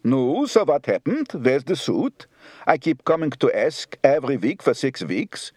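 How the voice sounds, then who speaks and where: A man's voice: mid-range voice, very animated, a little slow, darkish tone, no echo, studio quality. A man putting on a Polish Yiddish accent as a complaining older man, with strongly rising and falling intonation for an accent demonstration. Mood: kvetching.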